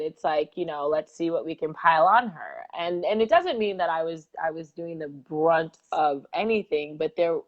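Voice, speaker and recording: A woman co-hosting a casual conversation, speaking candidly and reflectively about her relationship, with frequent fillers and laughs. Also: on the low side. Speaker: co-host. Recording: dull lo-fi audio.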